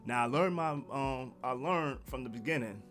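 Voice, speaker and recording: A man vlogging seated to camera, telling a story in a casual, animated way and acting out the people he quotes. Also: mid-range voice, moderate pace, faint music behind. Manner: animated, quotes others in raised voice. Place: indoors, seated at home. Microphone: camera mic, seated.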